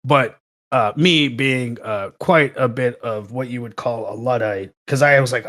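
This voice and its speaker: A man guesting on a podcast, chatting casually and telling animated stories with plenty of swearing. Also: mid-range voice, unhurried. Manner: swears freely, animated storytelling. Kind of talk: casual chat.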